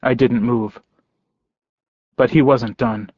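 A man reading a first-person audiobook in an unhurried, measured manner. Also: mid-range voice, fairly even intonation, no room sound, highs cut off. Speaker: audiobook narrator.

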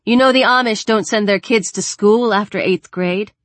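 A woman's voice: mid-range voice, normal speed, dry recording, voice pushed up, natural voice. A woman reading an audiobook, voicing a blunt, chatty teenage girl who swears casually.

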